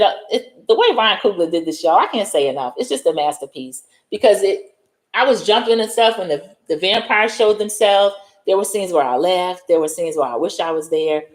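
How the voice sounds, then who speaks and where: Chatty New York woman recapping a movie. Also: fairly low pitch. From United States. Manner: animated retelling, acting out characters' lines. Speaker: host. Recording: echoey room.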